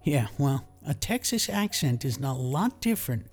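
A middle-aged man with a New York accent, hosting a scripted English lesson podcast in a measured, explanatory way with dry humor. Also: medium pitch, sing-song, slightly rough, soft background music. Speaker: English teacher and podcast host.

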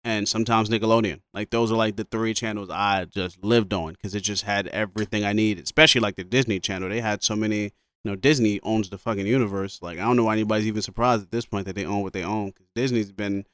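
A laid-back young man in casual podcast chat, talking slangy and swearing easily. His voice is low and smooth, and it is recorded dry and close. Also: steady tone, fast, fairly bright tone, no echo. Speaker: podcast co-host.

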